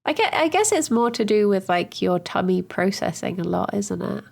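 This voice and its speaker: A woman co-hosting a casual podcast, chatty and quick to laugh. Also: medium pitch, lively intonation, creaky. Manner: chatty, laughs easily, playful. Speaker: podcast co-host. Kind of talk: casual chat.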